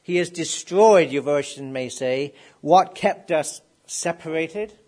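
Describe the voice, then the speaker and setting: A middle-aged man delivers a sermon in a voice pitched a little above most men's. He keeps asking his listeners questions and then lands on emphatic declarations. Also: slow pace, darkish tone. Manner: asks the congregation questions, rises to emphatic declarations. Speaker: preacher.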